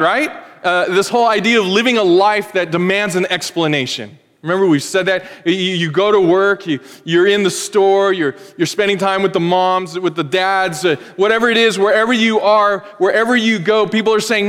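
Speaking at a moderate pace with hardly any pauses, a pastor in his forties gives a sermon in a church sanctuary. His fairly high voice echoes with long reverb as he jokes and talks to the room in an animated, conversational way.

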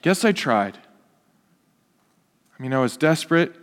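Guy doing a humble desperate woman, real hushed and soft, lots of hall echo. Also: on the high side, big pitch swings, unhurried, voice pushed down. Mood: dejected.

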